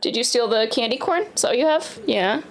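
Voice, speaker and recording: A woman in her thirties chatting casually on a live stream as she works, often turning to coo at her dogs in a higher, sing-song voice. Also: animated, fairly quick, a little hiss or hum. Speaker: livestreamer building a keyboard.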